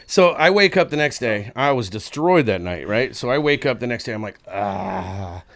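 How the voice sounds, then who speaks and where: A man's voice: mid-range voice, expressive, fairly quick, fairly bright tone. A man telling a raucous story as a podcast guest, laughing and acting out quotes. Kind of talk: casual chat, telling a story.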